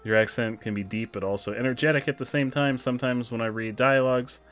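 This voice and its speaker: Man, streamer, casual gameplay chat, excitable, quick asides, faint game music behind. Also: mid-range voice.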